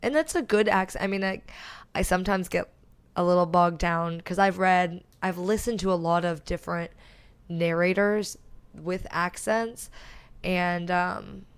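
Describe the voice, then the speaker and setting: A woman's voice: fairly low pitch, steady tone, a little slow, clean tone. A woman co-hosting a book podcast in casual chat, talking in a loose, rambling way. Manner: chatty, trails off and restarts. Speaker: podcast co-host.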